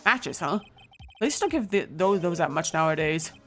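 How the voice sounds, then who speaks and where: A wry young defense lawyer answers in a dry, lowered voice, as a woman voices him. Faint music plays behind the game read-along. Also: very animated, moderate pace.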